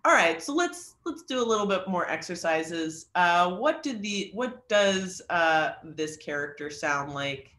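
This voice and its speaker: A man's voice: high-pitched, lively intonation, measured pace, few pauses, pushed and bright, reverberant. A man teaching an online creative writing class, chatty and joking, with lots of fillers. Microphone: video call.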